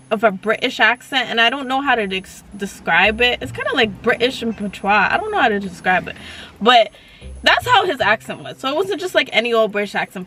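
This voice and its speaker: Bright-voiced young woman telling a story. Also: fairly high pitch. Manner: animated, profane, slangy. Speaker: vlogger. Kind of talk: casual storytime.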